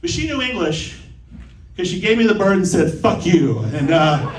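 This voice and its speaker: A man's voice: high-pitched, sing-song, moderate pace, roomy sound, far from the mic, poor audio. A man performing a stand-up comedy set in a comedy club, telling jokes conversationally with frequent ums.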